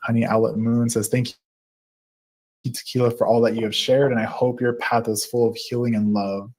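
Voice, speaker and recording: A man's voice: medium pitch, little pitch movement, moderate pace. Man, 30s, live-stream host reading chat aloud, chatty, laughs a lot, fillers between comments. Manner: warm, laughs often, reads with fillers.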